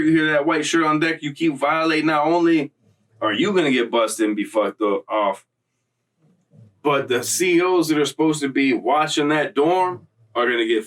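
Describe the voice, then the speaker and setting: A man's voice: a little high, far from the mic. Slangy man telling prison stories. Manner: slangy, profane, animated. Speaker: vlog host. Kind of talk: casual storytelling.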